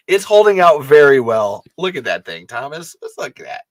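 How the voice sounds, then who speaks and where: A man's voice: very animated, moderate pace, few pauses, dry recording. A man hosting a casual livestream, rambling and joking with his viewers. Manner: rambling, jokey, swings into high squeals. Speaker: podcast host.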